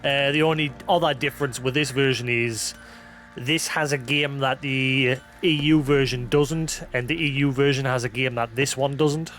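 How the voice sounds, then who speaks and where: A man's voice: medium pitch, steady tone, normal speed, a bit bright, faint music behind. Rambling British man streaming live. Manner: rambling, self-deprecating, thinking aloud with many restarts. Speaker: livestream host. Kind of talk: casual live-stream chat.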